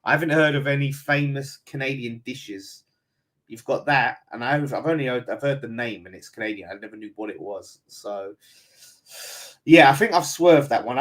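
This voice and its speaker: A man with an Essex accent hosting a casual fan live stream, reading out viewer comments in a blunt, chatty way and calling everyone mate. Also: medium pitch. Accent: London and Essex.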